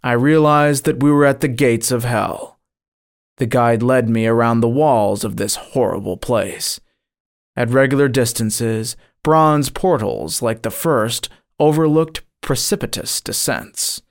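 Brief: male audiobook narrator, measured and solemn, very unhurried delivery. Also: mid-range voice. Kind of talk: scripted narration.

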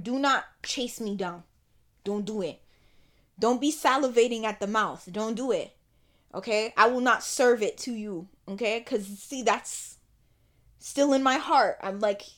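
A young adult woman hosting a podcast, telling a personal story in an emphatic, repetitive, sassy and emotional way. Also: fairly high pitch. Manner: emphatic, repeats phrases, swings between sassy and tearful. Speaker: podcast host.

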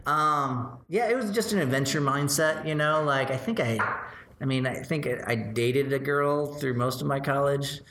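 A man's voice: mid-range voice, moderate pace, fairly bright tone. A man from Chicago, in his thirties, talking through his career in a loose, filler-heavy way as an interview guest. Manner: rambling, filler-heavy, self-deprecating. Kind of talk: casual interview chat. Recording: roomy echo, faint background noise.

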